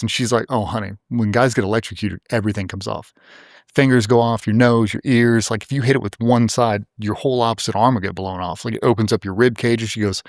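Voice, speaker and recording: A man's voice: on the low side, dry recording, studio quality. A middle-aged man, a former special operator, telling a vivid, blunt, profane story as a guest in an interview.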